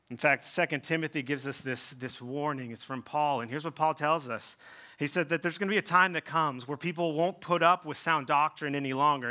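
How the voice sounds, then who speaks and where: Male pastor, 30s, casual storytelling sermon, lots of um and like, forceful bright tone. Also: fairly high pitch. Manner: conversational storytelling with self-deprecating humor; casual fillers like um and like.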